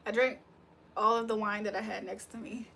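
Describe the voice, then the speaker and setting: A woman's voice: medium pitch, flat delivery, fairly quick, gravelly, fairly bright tone, slight background noise. A young woman hosting a casual livestream, chatting loosely with her viewers, joking and laughing often. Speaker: livestream host reading chat.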